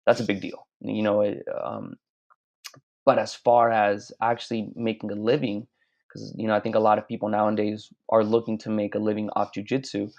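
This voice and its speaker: A man with a lowish voice talks casually, winding through his stories in a halting, rambling way. The recording sounds dull and lo-fi, missing its top end. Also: level tone, gravelly, darkish tone. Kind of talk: casual chat.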